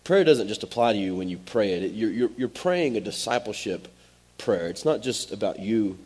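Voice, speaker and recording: Guy preaching, husky voice, talks straight to the room. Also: on the low side, animated, moderate pace, a little mellow. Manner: direct, conversational, Southern-tinged "y'all" asides. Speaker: pastor. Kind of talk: sermon.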